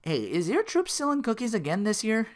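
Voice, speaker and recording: A man's voice: high voice, huge pitch swings, a little fast, voice pushed up. A man voicing a weary, sarcastic male TV weatherman in a casual movie retelling, with dry, mocking quips. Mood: smug, mocking.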